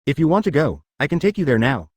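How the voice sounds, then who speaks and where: Guy doing a kind young pirate hero, lively pitch, dry, storybook read. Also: fast talker, breathy edge, dry recording.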